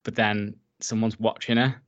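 A man's voice: fairly low pitch, little pitch movement, normal speed, muffled recording. A man casually recapping a horror film for his co-host, enthusiastic and swearing freely. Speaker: podcast co-host.

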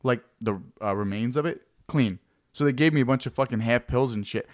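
This is a young male podcast co-host with a medium pitch and a fairly quick delivery. Casual and foul-mouthed, he wanders through long, rambling anecdotes.

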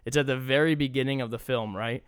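A young man co-hosting a casual podcast, talking with loose enthusiasm and swearing freely. His voice is smooth and clear, recorded dry and close. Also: mid-range voice, fairly even intonation, fast talker, no room sound. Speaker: podcast co-host. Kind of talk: casual chat.

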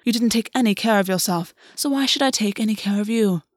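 A woman voicing a possessive, domineering male fae lord who speaks in a low purr and hisses his orders. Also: fast, no echo, studio quality, lightly acted. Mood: cold commanding. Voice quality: low purring voice. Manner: quiet, commanding, hissing.

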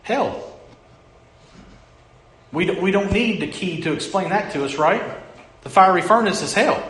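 A middle-aged man preaches a sermon in a church. His voice sits a little high for a man, and it rings around an echoey room. He keeps putting questions to the congregation and swings between loud emphasis and hushed words. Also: a little slow. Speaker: pastor.

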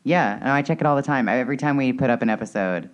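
A woman with an unusually deep voice for her sex, chatting casually as a podcast co-host. She talks in a laid-back way, her words often trailing off into a low mumble. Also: fast. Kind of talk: casual chat.

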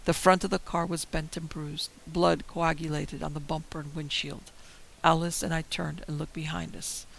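A man tells a first-person horror story in a heavily gravelly, slightly high voice, keeping the telling dramatic and tense. A faint hiss sits under the recording. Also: flat delivery, normal speed, a bit bright, low-quality recording. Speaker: narrator.

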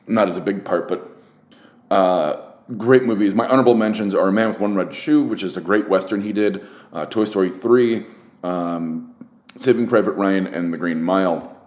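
A man's voice: low voice, moderate pace, darkish tone, reverberant. A man hosting a casual solo podcast, talking candidly and rambling with restarts, swearing often and getting worked up. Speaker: podcast host.

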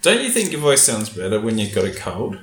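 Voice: medium pitch, huge pitch swings, brisk. An Australian podcast host interviewing a guest in a casual, teasing and crude joking manner. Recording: echoey room, faint noise.

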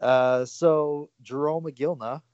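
A man's voice: on the high side, steady tone, a little mellow, no echo. Male podcast host, casual sports talk, hesitant and filler-heavy, muffled dry recording. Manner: halting, many fillers and restarts.

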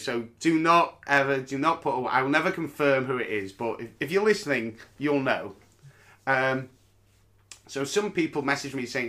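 A man in his thirties from the UK hosts a podcast, spinning a rambling story that is full of swearing and dry sarcasm. His voice is bright and forceful, sitting at an ordinary middle pitch for a man. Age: 30s. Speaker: podcast host. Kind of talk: casual solo podcast storytelling.

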